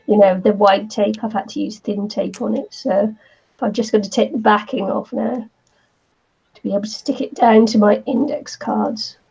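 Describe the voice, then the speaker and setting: A woman with a New Zealand accent hosting a casual crafting livestream, losing her voice from hay fever and slowly explaining each step as she works. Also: medium pitch, fairly even intonation, gravelly, dark tone, slightly rough, lo-fi sound. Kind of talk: casual chat while crafting.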